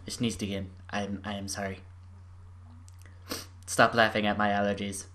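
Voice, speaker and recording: A young adult gaming YouTuber giving excitable let's-play commentary, gushing and swinging from squeals to murmurs. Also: sits low, slow, pauses often, slight background noise.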